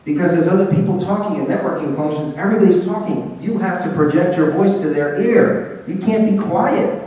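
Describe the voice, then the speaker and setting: A man giving a lively business seminar talk, speaking directly to his audience and pushing his voice out. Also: high-pitched, fairly quick. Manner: animated, projecting, talks straight to the audience. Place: seminar hall. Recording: echoey hall, taped from far off.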